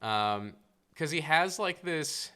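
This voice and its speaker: A man's voice: fairly high pitch, expressive, takes it slowly, sharp tone, clean tone. A man co-hosting a podcast in casual chat, rambling and laughing often with lots of fillers. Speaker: podcast co-host.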